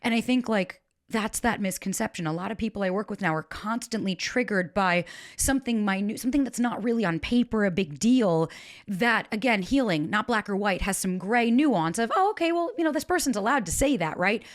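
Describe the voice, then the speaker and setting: A woman hosting a podcast, telling candid stories in an animated, casual way with some swearing. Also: medium pitch, normal speed. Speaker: podcast host. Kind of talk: casual conversation.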